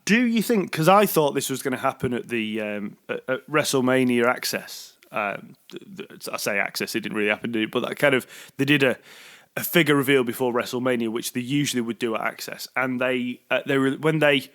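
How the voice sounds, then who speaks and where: A man's voice: medium pitch, brisk, fairly bright tone. Mancunian man musing in casual chat. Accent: Manchester. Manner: musing, repeats words as he thinks. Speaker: podcast co-host.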